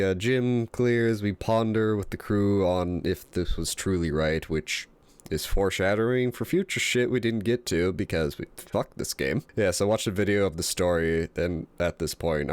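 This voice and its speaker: A man's voice: sits low, dry recording. A man who is a native English speaker, narrating a game playthrough from a script in a casual, sweary, self-deprecating, joking way. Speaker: let's-play commentator.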